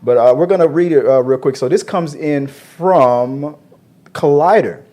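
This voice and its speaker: A man hosting a casual movie news chat in a mellow, relaxed voice that sits a little high for a man. He talks loosely and jokes around, full of fillers and restarts. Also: a little slow. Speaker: podcast host.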